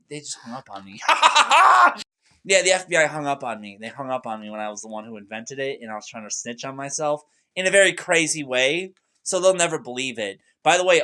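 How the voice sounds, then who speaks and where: A man's voice: on the high side, fairly bright tone. A young man talking to camera in a rambling, agitated monologue, full of restarts and fillers. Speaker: vlogger.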